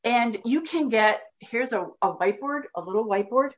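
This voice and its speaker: A woman's voice: on the high side, lively intonation, slight background noise. Patient woman explaining reading teaching. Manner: patient, demonstrates with slow sounded-out words. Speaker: guest reading educator. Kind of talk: instructional podcast talk.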